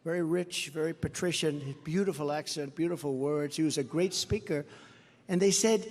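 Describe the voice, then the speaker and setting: A man's voice: fairly high pitch, moderate pace, a little mellow. Older American man, boastful rally speech. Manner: boastful, mocking, repetitive. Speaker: political rally speaker. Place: large indoor rally venue. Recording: reverberant arena sound with faint crowd ambience.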